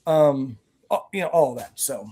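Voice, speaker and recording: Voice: mid-range voice, expressive, unhurried, mellow, breathy edge. A guest on a veterans' talk show telling stories in an earnest, rambling way with many restarts. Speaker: guest, nonprofit team member. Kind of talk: conversational interview answers.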